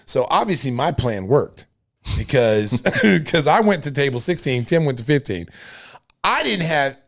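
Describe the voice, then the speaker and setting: Animated, gravelly-voiced man telling stories. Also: medium pitch, measured pace. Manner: animated storyteller, laughing, acting out quotes. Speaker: podcast host. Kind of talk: casual storytelling chat.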